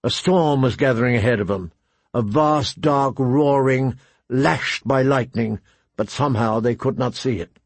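A man narrating an audiobook in a measured, even storytelling manner. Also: medium pitch, husky, no room sound. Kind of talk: scripted narration.

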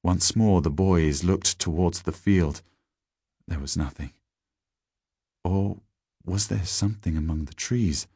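A man reading a story aloud in a measured, deliberate audiobook narration. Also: deep voice, dark tone, breathy edge, dry recording, clean studio sound.

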